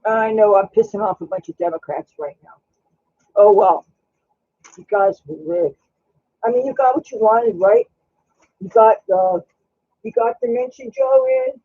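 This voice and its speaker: A man's voice: high voice, moderate pace, pauses often, no echo, lo-fi sound. A man hosting a casual live stream while baking in his home kitchen. He is chatty and coos baby talk at his cat.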